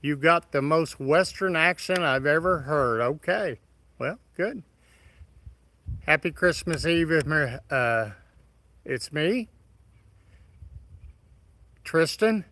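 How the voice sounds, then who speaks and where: A Midwestern man hosts a casual live stream, reading comments and greeting viewers by name in a folksy, friendly way. His voice is a little high, slow, pushed and bright, on a low-quality recording.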